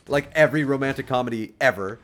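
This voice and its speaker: A man's voice: medium pitch, a bit bright. A young man chatting casually on a game livestream, rambling and friendly as he gives dating advice to his chat. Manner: rambling and friendly, with many restarts and chuckles.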